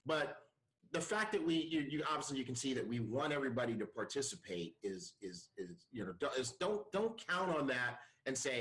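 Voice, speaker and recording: A man hosting a podcast, giving a lively pep talk with frequent repeats and restarts. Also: medium pitch, a little fast, roomy sound, rough recording. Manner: energetic, repeats himself, pep-talk style. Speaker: podcast host. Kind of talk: casual chat.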